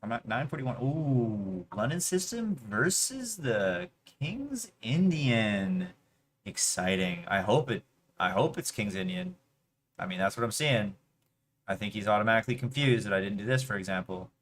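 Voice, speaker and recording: A man's voice: on the low side, big pitch swings, moderate pace, a little hiss or hum. Muttering man streaming his workday. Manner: muttering to himself while he works, half-finished phrases; pleads aloud with an online chess opponent. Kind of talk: casual livestream commentary.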